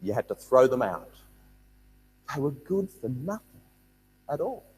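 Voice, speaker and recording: A man teaching a Bible study, reading scripture aloud and explaining it with lively emphasis and repeated words. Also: medium pitch, unhurried, slightly rough, long reverb tail.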